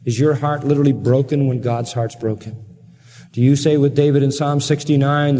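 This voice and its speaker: A male preacher delivers an impassioned sermon, driving home point after point with pointed questions. His voice is dark and mellow, and it rings out with a long reverb from a large church hall. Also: mid-range voice, fairly even intonation, fairly quick. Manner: impassioned, full of rhetorical questions.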